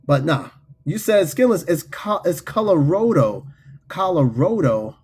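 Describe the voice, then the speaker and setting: NYC-accented male streamer, slightly raspy and a touch high, loose and profane, reads chat and cracks up. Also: moderate pace. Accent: New York City. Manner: animated, profane, laughs often. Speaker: host. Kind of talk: casual livestream chat reading viewer comments.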